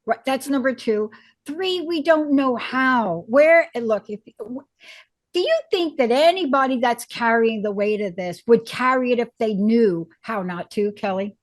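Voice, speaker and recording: A woman's voice: a little high, measured pace, dry recording. Woman host, dry close sound. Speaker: talk show host. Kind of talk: conversational interview hosting.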